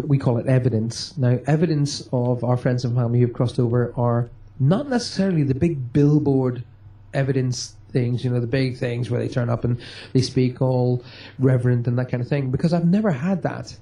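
A man, a medium, answering interview questions with lively, joking stories and acted-out dialogue. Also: mid-range voice, moderate pace. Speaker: medium and touring stage performer.

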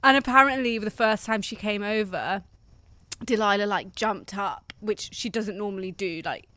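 A young woman from England chats casually, rambling with many fillers and often dropping into soft, quiet asides. Her voice is recorded close and dry, with no room sound. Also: mid-range voice, normal speed, dry recording. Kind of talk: casual chat.

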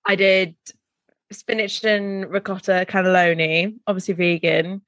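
A woman's voice: medium pitch, level tone, measured pace, a bit bright, no room sound. A woman from Wales, co-hosting a podcast in casual chat, gushing and chatty with lots of fillers. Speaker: podcast co-host.

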